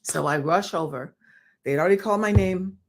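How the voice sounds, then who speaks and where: An older woman with a slightly low voice tells a story as an interview guest. She is animated and swears freely, and she acts out the people in her tale as she goes. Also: fairly quick. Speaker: guest actress.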